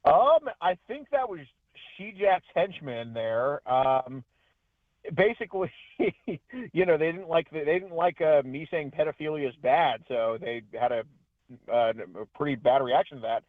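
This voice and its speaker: A man calling in as a guest, telling his story in a chatty, animated way with frequent laughs. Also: fairly high pitch, measured pace, dry recording. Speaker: guest, independent journalist. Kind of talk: casual phone interview. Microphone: phone. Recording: tinny phone line.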